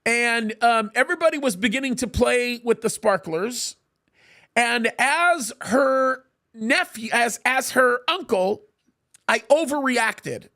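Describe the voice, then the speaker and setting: A middle-aged man hosts a live talk show, and his voice sits unusually high with a gravelly edge. He speaks emphatically, doubling up words at the start of his sentences as he tells stories and explains his views. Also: animated, slow, bright, forceful tone. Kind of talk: live commentary and storytelling.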